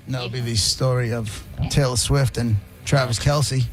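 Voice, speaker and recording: A male radio host in casual, rambling banter, sarcastic, now and then mimicking people in a high squeal. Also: steady tone, moderate pace, soft background music. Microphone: studio mic.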